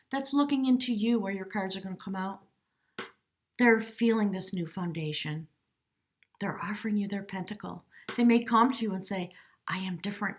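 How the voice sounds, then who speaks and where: A woman giving a spontaneous tarot reading, speaking gently and emotionally, now and then addressing her spirit guides. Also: fairly high pitch. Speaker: tarot reader.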